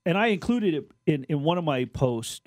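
A man's voice: on the high side, lively intonation, normal speed, darkish tone, dry recording. A man from Southern Nevada co-hosting a casual sports radio chat, rambling and often restarting his sentences. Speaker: radio co-host.

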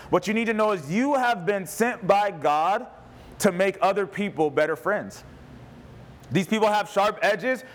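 A pastor preaching a conversational sermon with emphatic, humorous delivery. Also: male voice, sits high, fairly bright tone.

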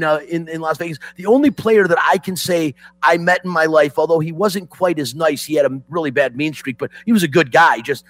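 A middle-aged man from Detroit hosting sports talk, telling a story in an excitable, emotional way. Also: fairly high pitch, no echo. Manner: excitable, emotional, swings loud and soft. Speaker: sports radio host.

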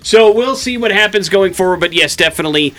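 A man's voice: sits high, lively intonation, fast talker, a bit bright. A man hosting a morning radio show in a studio, chatting easily and plugging upcoming shows. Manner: easygoing, promotional. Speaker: radio host.

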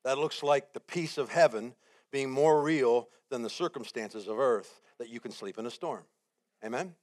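A man gives a sermon as guest preacher, telling his story in an animated way and acting out what went through his head. He builds his points with repeated phrases that rise in emphasis. His voice sits at an ordinary middle pitch for a man. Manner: animated storytelling, acts out his own panic and quotes.

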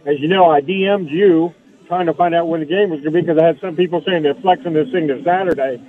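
A man from Louisiana calling in to a radio show, telling a rambling, excited story. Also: a little high, fast. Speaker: caller. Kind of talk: phone-in call. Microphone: phone line. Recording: tinny phone line.

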